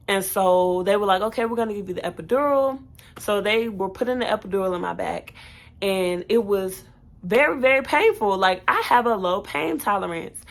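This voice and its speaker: A woman's voice: mid-range voice, gravelly. A young woman telling her own birth story in a casual storytime vlog, candid and chatty, with fillers and self-corrections.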